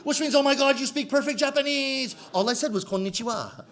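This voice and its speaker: High-voiced man telling comic stories. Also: fast, gravelly, slight background noise. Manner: animated, acts out quoted voices. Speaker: rakugo comedian. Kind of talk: comic storytelling to camera.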